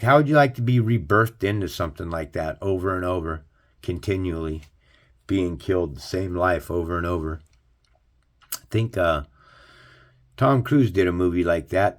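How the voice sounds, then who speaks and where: A man hosting a casual religious commentary, preaching in a blunt, profane way. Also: sits low. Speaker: host of a religious commentary channel.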